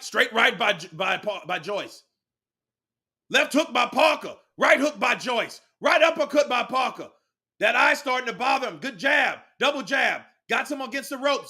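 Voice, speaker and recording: A man whose voice is very high-pitched and husky commentates live on a boxing match. He's casual and excitable, calling punches fast and cursing freely.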